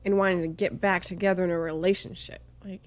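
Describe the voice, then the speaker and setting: A woman co-hosting a podcast in casual, expressive chat. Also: lowish voice, fast. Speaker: podcast co-host.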